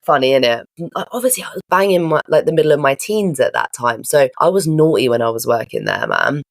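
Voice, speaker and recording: A woman's voice: rumbling low, big pitch swings, a little fast, gravelly, no echo, clean studio sound. A young woman, co-hosting a podcast and telling stories in a rambling, giggly, casual way. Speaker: podcast co-host. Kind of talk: casual chat.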